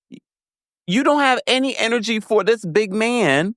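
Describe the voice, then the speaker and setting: A man giving a casual, animated recap of a reality show, laughing often and acting out quotes in a higher voice. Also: normal speed, no echo, clean studio sound. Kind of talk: casual commentary.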